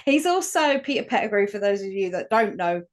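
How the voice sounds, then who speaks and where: A woman's voice: mid-range voice, very animated, fairly quick. A woman co-hosting a podcast, chatty and easygoing in casual conversation. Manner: chatty, easygoing, full of fillers. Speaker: podcast co-host. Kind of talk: casual chat.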